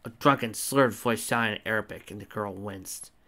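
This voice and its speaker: A man's voice: on the low side, moderate pace, bright, forceful tone. Man casually reading fan fiction aloud. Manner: casual, stumbling reading with asides. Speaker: fanfiction reader.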